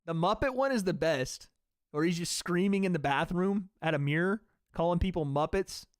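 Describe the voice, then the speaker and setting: A young man calls a fight live for his stream chat in a slangy, unfiltered way. His voice sits a little high and comes through smooth and resonant, recorded dry and close. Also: moderate pace, no echo. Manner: loose and slangy, swears, talks back to chat. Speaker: streamer hosting a fight watch party.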